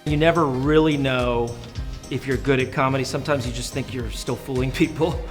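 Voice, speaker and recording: A man's voice: medium pitch, fairly even intonation, brisk, soft background music. An older man, a stand-up comedian, chatting casually about himself in a loose, self-deprecating way. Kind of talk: casual interview.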